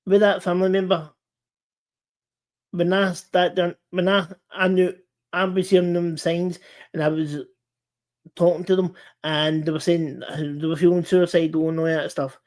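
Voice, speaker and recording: A man hosting a casual live-stream chat, talking earnestly in halting bursts with many restarts and repeated words. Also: high voice, flat delivery, darkish tone.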